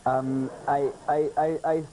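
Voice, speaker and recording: A man's voice: fairly high pitch, flat delivery, takes it slowly, very noisy. A man guesting on a talk show, telling cheeky anecdotes with lots of giggling. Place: television studio.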